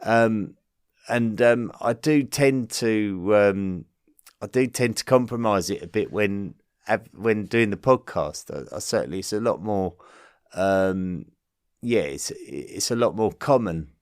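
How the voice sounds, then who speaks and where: A man with an Essex accent hosts his podcast, thanking listeners in a low voice. He stumbles and restarts often, leaning on ums as he goes. The sound is dry and close. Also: lively intonation, takes it slowly, smooth, no room sound. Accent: Essex English. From Essex, southeast England. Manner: hesitant, many ums and restarts. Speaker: podcast host. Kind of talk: casual listener-mail chat.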